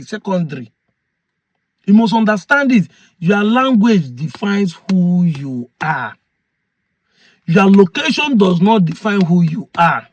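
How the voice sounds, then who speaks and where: A community chief with a Nigerian Igbo accent explains a point in earnest, repeating key phrases to drive them home. His male voice sits high, and the recording is dry.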